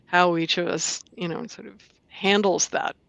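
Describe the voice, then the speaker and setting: A woman's voice: on the low side, steady tone, unhurried, vocal fry, fairly bright tone, no echo. A woman hosting a casual interview, talking conversationally and affirming with short replies. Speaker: host. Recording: dry, dull lo-fi sound.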